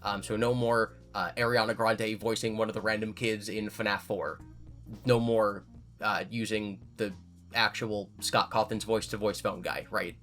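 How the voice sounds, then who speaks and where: A man's voice: on the low side, flat delivery, moderate pace, fairly bright tone, soft background music. A man hosting his own channel, answering viewer questions in casual chat and thinking aloud with frequent restarts.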